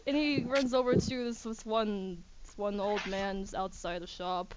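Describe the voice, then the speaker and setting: A woman's voice: mid-range voice, fairly even intonation, a little slow. Chatty woman game master on a muffled recording. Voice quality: chatty, lightly giggly, stammering restarts. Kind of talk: narrating a tabletop game. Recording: muffled lo-fi recording with noisy hiss.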